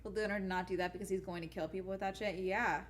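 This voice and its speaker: A woman's voice: medium pitch, fairly even intonation, rapid-fire, slight background noise. A young adult woman YouTuber chatting casually on a live stream while gaming, ranting bluntly and swearing often.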